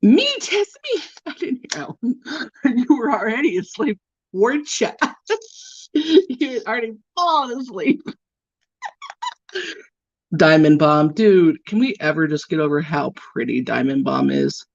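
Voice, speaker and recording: A woman's voice: mid-range voice, big pitch swings, slow, gravelly, pauses often, dry recording. Sleepy, teasing woman on a lo-fi stream. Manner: playful and teasing, yawning often. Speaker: livestream host doing makeup. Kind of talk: casual chat with live viewers. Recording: dull, lo-fi and dry.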